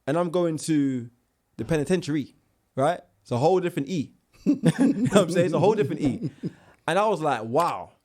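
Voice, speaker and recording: A man's voice: fairly high pitch, fairly quick. Young man telling his story. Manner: animated storyteller, many restarts and slang. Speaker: guest. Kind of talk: casual interview storytelling.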